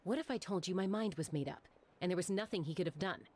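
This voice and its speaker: An actress voicing a calm, stubborn young woman who answers in a dry, matter-of-fact way in a video game cutscene. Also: lowish voice, fast talker, slight background noise, close to an everyday voice.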